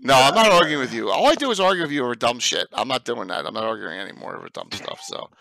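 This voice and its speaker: South Jersey guy hosting a stream, gravelly and bright, lively pitch, hoarse, dry close sound. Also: fast, no room sound, rough recording. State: hoarse from illness. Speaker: stream host. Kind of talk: casual stream chat.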